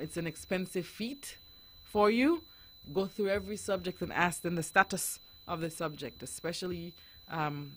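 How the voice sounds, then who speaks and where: A woman's voice: on the low side, fairly bright tone, a little hiss or hum. A woman hosting a radio talk show, earnestly urging parents to act. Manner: earnest, exhorting parents directly. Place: radio studio.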